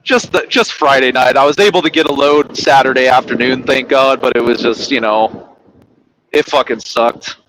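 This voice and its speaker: A man's voice: mid-range voice, moderate pace, fairly bright tone, a little hiss or hum, rough recording. A man who drives trucks, telling a casual story in a rambling, profane way. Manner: rambling, profane, acts out quoted people.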